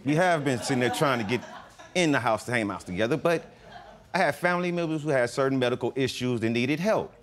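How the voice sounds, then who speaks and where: A man's voice: medium pitch, animated, fast, crowd noise. A man in his forties giving laid-back, colloquial testimony on a courtroom TV show, often chuckling. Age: 40s. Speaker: litigant.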